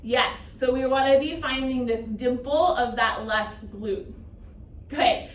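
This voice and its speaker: A high, bright-voiced woman leads a Pilates class, counting down reps and cueing each breath with encouragement. She is heard from a distance in a roomy space, with a faint hiss of noise behind her. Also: takes it slowly. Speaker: Pilates instructor. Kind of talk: guided exercise class cueing.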